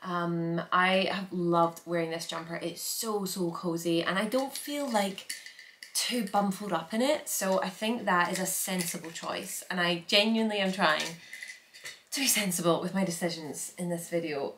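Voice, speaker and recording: A woman's voice: fairly low pitch, normal speed, a bit bright, roomy sound, a little hiss or hum. A young Scottish woman chatting casually through a packing vlog, rambling with lots of filler words. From Scotland. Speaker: vlogger.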